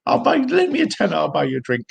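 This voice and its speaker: A man putting on a drunk, cheery patriot, his voice jumped up high and squeaky, sing-song and mocking. It sounds like a jeering impression of a barfly slurring about the flag. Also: wildly swooping pitch, fast talker, vocal fry, slight background noise, full character voice.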